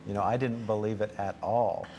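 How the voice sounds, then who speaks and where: Low-voiced man telling a story. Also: fairly even intonation, fairly quick, a little hiss or hum. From United States. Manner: storytelling, acts out quoted dialogue. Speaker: guest. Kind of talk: testimony on a talk show.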